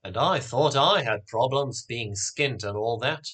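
A man's voice: mid-range voice, measured pace, fairly bright tone, slightly rough. A man reading the part of a gossipy woman neighbour in a spoken story, chatting offhandedly. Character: chatty British woman neighbour who smokes.

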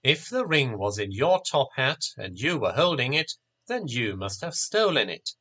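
A man's voice: medium pitch, very animated, normal speed, fairly bright tone, husky. A man voicing a matter-of-fact male policeman in a storybook reading. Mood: stern. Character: stolid male British policeman.

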